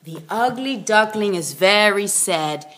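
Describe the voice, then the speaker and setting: Slow, lively-voiced woman storyteller. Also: mid-range voice. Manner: slow, simple, expressive read-aloud for young learners. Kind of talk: scripted children's story narration.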